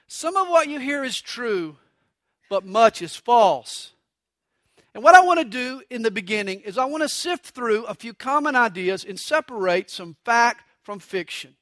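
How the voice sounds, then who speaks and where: A man's voice: extremely high pitch, very animated, measured pace, a bit bright, no room sound, clean studio sound. A man preaching a sermon, mixing stories and jokes with acted voices for quotes. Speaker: pastor.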